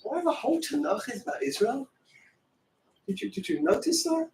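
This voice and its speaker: A middle-aged man teaching an impassioned Torah class, firing off rhetorical questions and breaking into shouts, recorded in a classroom from a distance. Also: very high voice, big pitch swings, normal speed. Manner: fervent, many rhetorical questions, bursts into shouting. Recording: echoey room from far off.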